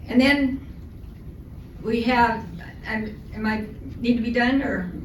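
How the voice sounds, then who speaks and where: Older woman telling lively stories in an echoey hall. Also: fairly high pitch, slow pace. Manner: lively, animated anecdotes with comic timing. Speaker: guest speaker. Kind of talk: storytelling speech. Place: luncheon hall. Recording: echoey hall from far off, noisy.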